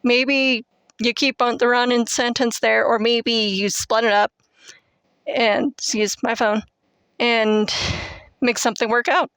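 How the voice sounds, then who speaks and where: A woman's voice: a little high, fairly even intonation, measured pace, a bit bright, clear, resonant tone, no room sound. A woman in her twenties hosting a casual writing-tips video, rambling with many fillers and joking at herself, on a headset mic. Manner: rambling, filler-heavy, self-deprecating. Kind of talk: casual teaching monologue.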